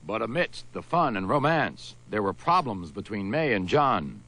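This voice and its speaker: A man narrates a documentary in a polished, scripted style. His pitch rides high and low with a lively, animated contour. The delivery stays measured and even in pace. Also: slight background noise, rough recording.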